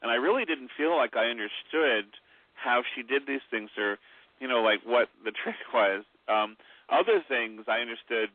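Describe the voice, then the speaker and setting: A man's voice: medium pitch, moderate pace, no room sound. A man, an author guest on a phone-in radio interview, telling long rambling stories with many fillers. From Mi'kmaq heritage. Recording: tinny phone line.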